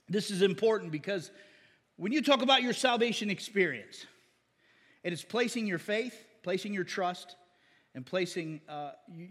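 A man's voice: sits high, fairly bright tone, breathy edge, big-room sound. A man preaching as pastor, often calling for an amen from the congregation. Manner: call-and-response asking amen. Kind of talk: sermon.

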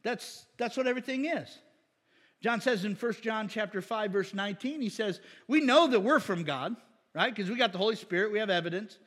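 A man's voice: sits high, a little fast, a bit bright, husky, big-room sound. A man preaching a sermon in a folksy, emphatic way, often calling for amens.

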